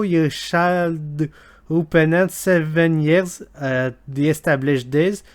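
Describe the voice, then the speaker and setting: A cheeky young intern , as a man puts him on, booms out in a hammy, fake Scottish accent. He sits noticeably higher and louder than the man's own voice and keeps a chirpy, mischievous edge. He stumbles through the text he is translating aloud at a slow, deliberate pace. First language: French.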